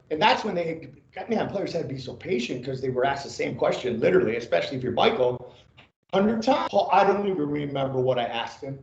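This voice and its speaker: A middle-aged man from Ohio, a sportscaster guest telling animated stories, repeating phrases for emphasis and swearing freely. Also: fairly high pitch, reverberant, highs cut off. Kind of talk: animated storytelling.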